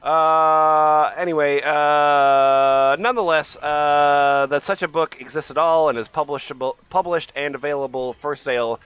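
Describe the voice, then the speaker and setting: A man's voice: on the high side, steady tone, unhurried, few pauses, smooth, no room sound, dull audio. A man co-hosting a comedy podcast, reading a review aloud with frequent ums and uhs. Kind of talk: casual comedy podcast banter.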